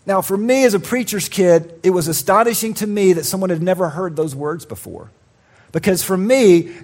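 Animated male pastor preaching a sermon. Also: sits high, a little fast. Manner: animated storytelling with acted quotes and sudden quiet drops. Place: church.

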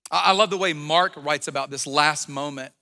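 A man's voice: a little high, normal speed, bright, forceful tone, in a large hall. A man preaching a sermon as a pastor, retelling a story in a conversational way, acting out the quotes and often restarting his sentences.

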